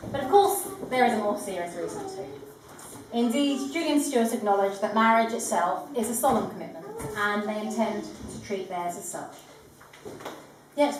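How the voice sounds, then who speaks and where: A woman's voice: mid-range voice, noisy background. Woman celebrant in an echoey hall. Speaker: wedding celebrant. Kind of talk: formal ceremony address. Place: large echoing room at a ceremony. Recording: echoey room from far off.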